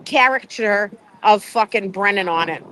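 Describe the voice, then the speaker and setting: A middle-aged woman hosting a livestream outdoors, animated and swearing constantly. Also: mid-range voice, normal speed, a little hiss or hum, low-quality recording. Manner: animated, heavy swearing, wound up on coffee. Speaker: livestream host. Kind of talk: casual livestream chat. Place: outdoors in cold wind.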